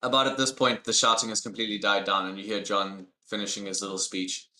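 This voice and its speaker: A man's voice: on the low side, flat delivery, fast talker, bright, forceful tone. A man running a tabletop game as game master, calling for rolls and narrating the scene.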